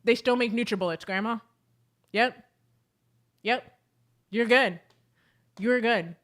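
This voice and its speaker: A young adult woman chatting casually to camera as a beauty vlogger, telling animated stories with lots of fillers. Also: fairly high pitch, slow.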